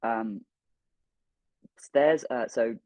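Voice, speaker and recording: A man, a guest voice actor, telling a lively personal anecdote on an interview stream, swearing freely and acting out the dialogue. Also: medium pitch, drawn-out words, no room sound, low-quality recording. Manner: animated, swears freely, acts out quoted dialogue. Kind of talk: storytelling anecdote.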